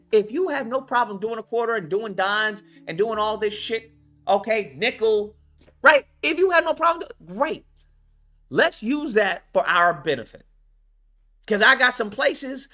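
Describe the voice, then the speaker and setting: A man hosting his channel, ranting in a profane, mocking, animated commentary. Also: high voice. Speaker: channel host. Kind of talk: commentary rant.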